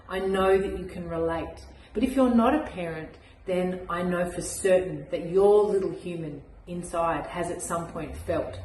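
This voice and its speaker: Female coach, earnest and emphatic, mid-pitched voice, slight room echo. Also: a little mellow, a little hiss or hum. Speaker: mindset coach. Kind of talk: motivational message to camera.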